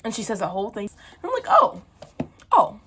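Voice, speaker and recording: A woman's voice: medium pitch, wildly swooping pitch, racing, darkish tone, breathy edge. A teenage girl chatting casually to her viewers, ranting animatedly about books and laughing through a storytime. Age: teens. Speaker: book vlogger.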